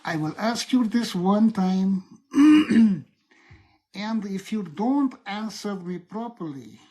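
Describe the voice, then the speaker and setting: A man's voice: high voice, animated, mellow. A man voicing a coldly polite male interrogator in a put-on Russian accent. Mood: menacing. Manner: slow, coldly polite threats.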